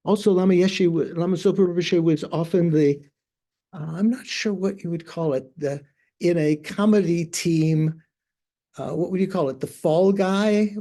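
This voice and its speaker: An older man, a Buddhist monk teacher, telling stories in a teaching talk, often pausing to search for words. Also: sits high, dark tone. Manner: hesitant, searching for words with many fillers.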